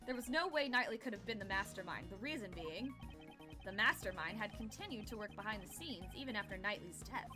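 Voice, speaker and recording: A woman reading the lines of a cool, composed male prosecutor in a game, with a measured, formal delivery. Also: mid-range voice, expressive, over music, natural voice. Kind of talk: game dialogue read aloud.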